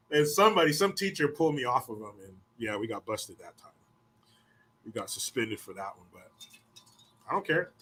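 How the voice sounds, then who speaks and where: A middle-aged man casually telling profane, animated stories from his school days, acting out what others said. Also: medium pitch, moderate pace. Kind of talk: casual storytelling.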